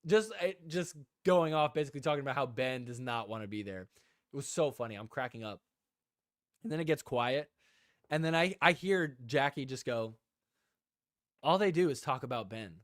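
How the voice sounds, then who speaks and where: A man co-hosting a casual livestream podcast, telling a story with animated delivery and frequent laughter. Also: medium pitch, moderate pace, dry recording, studio quality. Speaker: podcast co-host.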